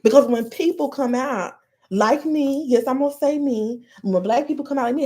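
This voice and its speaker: Woman podcast host from the US, higher-pitched, ranting alone, fiery and foul-mouthed. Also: normal speed, dark tone. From United States. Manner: heated, profane and emphatic. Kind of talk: solo monologue rant.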